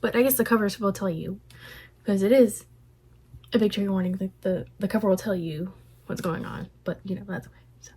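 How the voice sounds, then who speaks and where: A woman's voice: medium pitch, steady tone, fairly quick, pauses often, warm tone, a little hiss or hum. A woman vlogger reacting to her own old video in a rambling, self-conscious way, often restarting her sentences. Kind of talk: casual reaction commentary.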